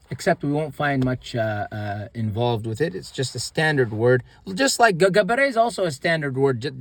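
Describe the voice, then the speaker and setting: A man teaching a casual online grammar lesson, talking haltingly with many restarts and repeating words slowly for learners. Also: a little high, no echo. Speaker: language teacher.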